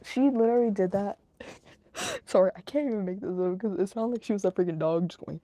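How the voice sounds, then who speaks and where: A woman's voice: medium pitch, big pitch swings, brisk, mellow, dry recording. A young woman hosting a true crime podcast, rambling and joking with lots of fillers and laughs. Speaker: podcast host. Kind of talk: casual true crime commentary.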